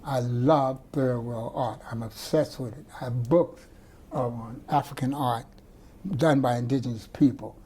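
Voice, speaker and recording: Older guy artist rambling thru stories in an interview, warm husky voice, lots of restarts. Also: mid-range voice, fairly even intonation, measured pace. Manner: rambling, digressive storyteller with restarts. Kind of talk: recorded oral-history interview.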